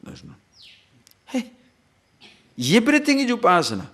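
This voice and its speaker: A man's voice: extremely high pitch, huge pitch swings, normal speed, fairly bright tone, breathy edge. A man giving a scripture lecture as a spiritual teacher, asking rhetorical questions and repeating words for emphasis.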